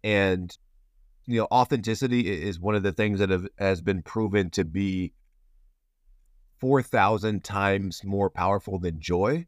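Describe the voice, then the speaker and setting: A man's voice: low voice, measured pace, dry recording, studio quality. A man hosting a casual interview, rambling and playful with lots of restarts. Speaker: podcast host. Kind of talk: casual conversation.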